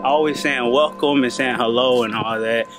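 A man's voice: mid-range voice, fairly even intonation, moderate pace, over music. An American man from North Carolina, casually vlogging a trip by the ocean and talking to viewers in a laid-back, chatty way. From North Carolina, USA. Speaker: travel vlogger. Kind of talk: casual travel vlog. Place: outdoors by the ocean and in a cafe.

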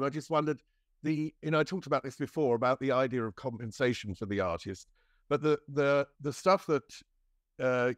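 A man's voice: medium pitch, no room sound. A man hosting a podcast interview, asking long searching questions with many hesitations.

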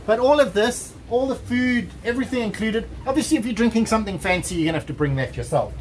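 A man's voice: high voice, expressive, fast talker, poor audio. A man vlogging casually while touring boats, chatty and joking, thinking aloud as he walks. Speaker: travel vlogger. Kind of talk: casual chat. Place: outdoors at a busy waterfront boat show. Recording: faint background noise.

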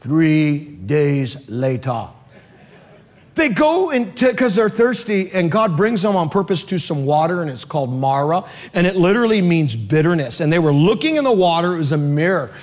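A middle-aged male pastor preaching a lively sermon with comic stories, acting out voices and shouting in bursts. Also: high voice, a little fast, few pauses.

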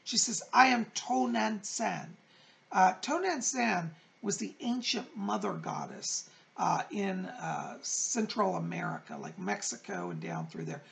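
A man's voice: sits high, wildly swooping pitch, measured pace, creaky, a bit bright. A man hosting his own psychic show, chatting effusively to viewers and calling them by pet names. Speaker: psychic medium, show host. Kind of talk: casual chat to viewers.

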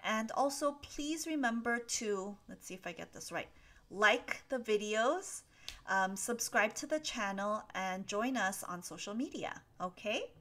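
A woman's voice: mid-range voice, animated, a little slow, a bit bright. A young woman hosting a live English Q&A, answering chat questions patiently with frequent ums.

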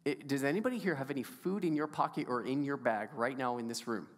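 A man's voice: mid-range voice, fast. A male pastor preaching a sermon with a playful, enthusiastic manner and chatting with his congregation. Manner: enthusiastic, playful, audience interaction. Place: church sanctuary. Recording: long church hall reverb.

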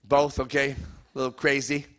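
A man doing a stand-up comedy set, loudly cracking jokes and teasing the audience at a live show. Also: mid-range voice, completely flat delivery, a little hiss or hum. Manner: loud, fast-joking, teases the audience.

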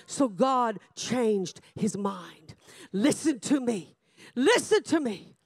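A woman preacher, delivering a revival sermon that swings between shouted passages and hushed asides. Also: high voice, no room sound, studio quality.

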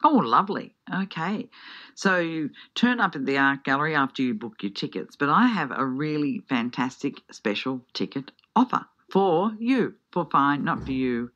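A woman hosting a live radio interview, chatty and laughing often, reading out ticket details slowly. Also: sits low, expressive, fairly bright tone. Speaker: radio host. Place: radio studio. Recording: dull lo-fi radio broadcast.

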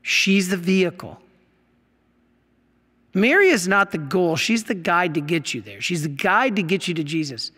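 A man, a Catholic priest, teaching his audience from slides in an animated way, with many rhetorical questions. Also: high-pitched, normal speed, husky. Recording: long hall reverb.

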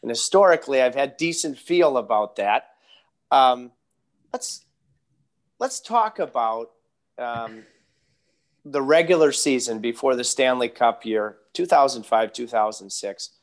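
A man's voice: mid-range voice, expressive, a little slow, pauses often. A man hosting an interview podcast, asking long questions and telling chatty anecdotes. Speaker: podcast host.

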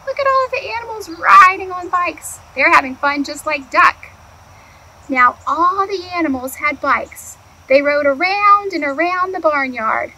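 She's an early childhood educator reading a picture book aloud to young children, her voice high-pitched. Animated and unhurried, she speaks clearly in storytime style, asking the kids questions and answering them herself. The audio is poor, with a slight hiss or hum.

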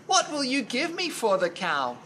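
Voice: high voice, wildly swooping pitch, moderate pace, slight background noise, voice pushed up, exaggerated voice. A storyteller voicing a cheerful young boy in a light, upbeat voice. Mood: eager. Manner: bright and upbeat.

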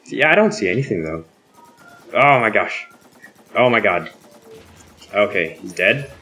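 A man playing a co-op racing game with a friend, chatting casually, excitable and swearing freely with loud outbursts. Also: fairly low pitch, measured pace, soft background music. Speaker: game player. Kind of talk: casual let's-play chat.

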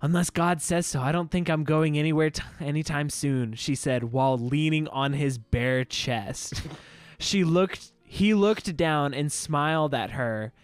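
A man's voice: fairly high pitch, a little slow, clear, resonant tone, dry recording. A young man co-hosting a podcast, reading an old story aloud with mock drama and bursts of laughter. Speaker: podcast co-host.

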